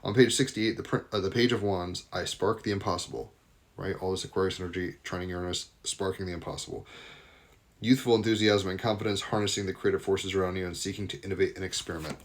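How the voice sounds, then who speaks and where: A man's voice: low-pitched, steady tone, quick pace. A man giving a live daily tarot and astrology reading, talking loosely and enthusiastically with rambling asides.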